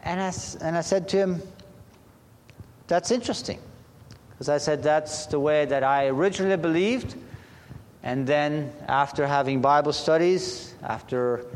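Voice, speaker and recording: A man preaching a sermon to a congregation, talking slowly and deliberately with halting restarts. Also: on the high side, a little hiss or hum. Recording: long hall reverb.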